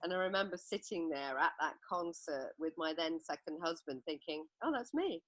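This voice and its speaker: A woman's voice: low voice, fairly even intonation, normal speed, a bit bright, no echo. A middle-aged woman from England, a book author, telling reflective anecdotes as a guest in a podcast interview.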